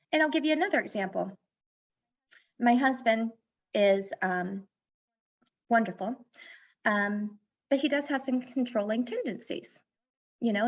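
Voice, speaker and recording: A woman life coach with a slightly high voice speaks earnestly as a podcast guest, blending guidance with stories from her own life. The recording is lo-fi and dull.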